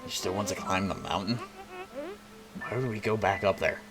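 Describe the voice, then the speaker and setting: A man reading a young woman's scornful, frightened dark reflection from a game. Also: deep voice, fairly even intonation, moderate pace, crowd noise, natural voice, rough recording.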